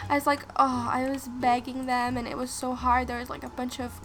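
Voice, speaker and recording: A woman's voice: high voice, little pitch movement, fairly quick, few pauses, a bit bright, a little hiss or hum. A woman vlogger telling a story in a chatty, rambling way with lots of restarts while playing a game. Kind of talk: casual storytime while gaming.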